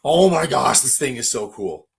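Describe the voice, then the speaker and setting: A man hosting a live toy unboxing stream, gushing with excitement and often stumbling over his words as he reads viewer comments. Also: medium pitch, moderate pace, vocal fry, noisy background. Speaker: toy collector livestream host.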